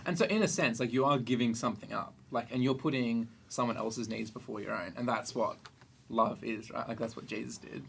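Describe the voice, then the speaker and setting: A man's voice: medium pitch, fairly quick, vocal fry, fairly bright tone, slight background noise. A young man hosting a casual podcast chat as a youth group leader, chatty and easygoing, joking and laughing often.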